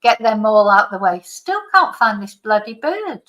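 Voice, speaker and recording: A woman's voice: mid-range voice, big pitch swings, moderate pace, a bit bright, poor audio. A woman vlogger chatting casually at home, telling a long rambling story full of asides and digressions. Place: at home by a computer.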